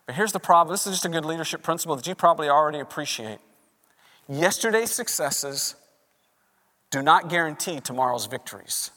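A male pastor preaching an animated sermon, acting out the voices of the people he quotes. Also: fairly high pitch, a little fast. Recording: reverberant hall.

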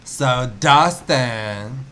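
A man's voice: mid-range voice, drawn-out words, bright, forceful tone. Guy in his thirties chatting on a podcast, lots of ums and uhs, a little background hiss. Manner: rambling with many fillers and restarts. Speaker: podcast co-host. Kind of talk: casual chat.

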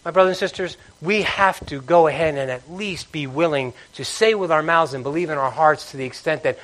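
A man preaching a sermon, telling stories with animated swings between loud outbursts and quiet passages. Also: fairly high pitch, a little fast. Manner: animated storytelling, acting out characters with loud outbursts and quiet drops.

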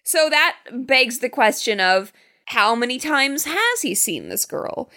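A woman co-hosting a casual podcast, lively and expressive as she recaps a film, laughing easily. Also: sits high, takes it slowly. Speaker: podcast co-host. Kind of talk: casual movie recap chat.

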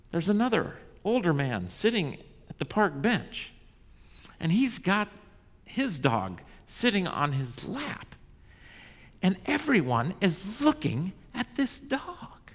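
A male pastor tells a story during his sermon, unhurried and highly animated, his pitch rising and falling widely. He swings from hushed asides to loud emphasis, and a long church reverb trails every phrase. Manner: animated storyteller, dramatic shifts in volume.

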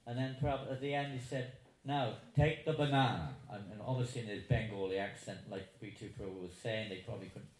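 A man's voice: fairly low pitch, steady tone, quick pace, few pauses, darkish tone. A man in his seventies telling stories to a live audience in a chatty, chuckling, digressive way. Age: 70s. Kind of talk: anecdotal talk to a live audience. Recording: roomy hall echo, faint noise.

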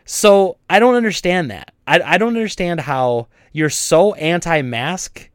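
A man co-hosting a podcast, ranting in a casual, animated and exasperated way about store customers. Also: a little high, a little slow, clean tone, no echo, studio quality. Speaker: podcast co-host and store owner.

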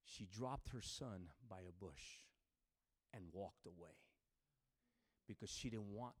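A man preaching a sermon to a church, swinging from shouted exhortation to hushed, near-whispered storytelling. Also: on the low side, takes it slowly, husky.

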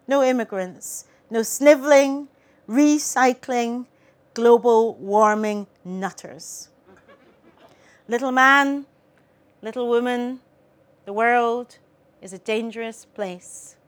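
A woman reading as a blustering populist politician. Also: on the high side. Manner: loud declaiming list. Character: blustering nationalist male politician boasting.

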